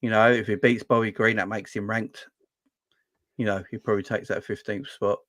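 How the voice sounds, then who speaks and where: A man talks casually about fights in a halting way, stumbling over restarts. His voice sits fairly low. The recording is dry and close. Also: flat delivery, a bit bright, dry recording. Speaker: podcast guest. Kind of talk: casual sports chat.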